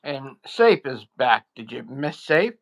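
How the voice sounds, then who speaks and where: A man chimes in from the side of a casual live chat with quick, wry remarks. His voice is gravelly, with a bright, edgy tone. He sounds a bit farther from the mic than the host. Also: mid-range voice, sing-song. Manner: brief wry interjections.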